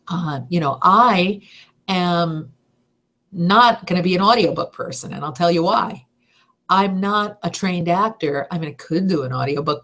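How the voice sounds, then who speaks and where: Energetic middle-aged woman teaching voice-over. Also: fairly low pitch. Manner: energetic, emphatic, upbeat. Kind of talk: seminar talk.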